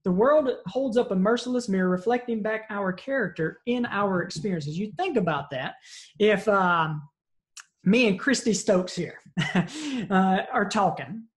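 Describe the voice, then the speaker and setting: A man's voice: high-pitched, lively intonation, a little slow. A man teaching a virtual leadership seminar in an earnest, storytelling way, often checking in with "right?". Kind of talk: motivational seminar talk.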